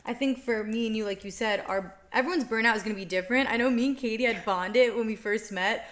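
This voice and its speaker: A young woman co-hosting a casual podcast as a law student, relaxed and agreeable in her talk. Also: a little high, fast.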